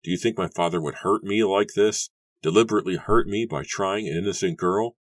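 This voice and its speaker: A man voicing a cold, bitter young man who speaks in a low whisper. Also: fairly quick, dry recording.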